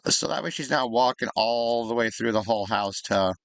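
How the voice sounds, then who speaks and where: A man's voice: medium pitch, moderate pace, clear, resonant tone, no room sound. A man casually commenting on his life-sim gameplay, thinking aloud in an easygoing, chatty way. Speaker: gaming YouTuber.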